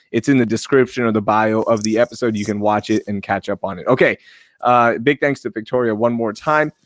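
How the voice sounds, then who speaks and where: A man's voice: mid-range voice, dry recording, studio quality. A man hosting a casual podcast chat, upbeat and playful, laughing often. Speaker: podcast host.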